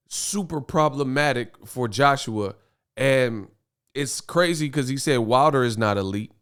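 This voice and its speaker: Smooth-voiced man ranting about boxing. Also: medium pitch. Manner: emphatic, rambling, repeats punchlines. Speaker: boxing commentary channel host. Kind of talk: opinionated boxing commentary vlog.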